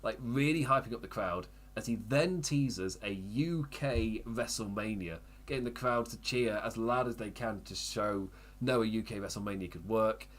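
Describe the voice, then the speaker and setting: A man hosting a wrestling podcast, chatting casually with frequent laughs and quick self-interrupting asides. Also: on the low side. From United Kingdom. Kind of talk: casual live recap commentary.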